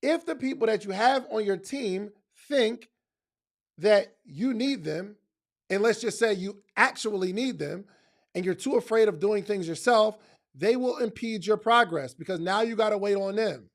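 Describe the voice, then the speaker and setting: A man gives a motivational talk in a high, gravelly voice. He speaks straight to his listeners in casual slang and leans on repeated phrases to drive each point home. His delivery is emphatic and direct. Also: moderate pace.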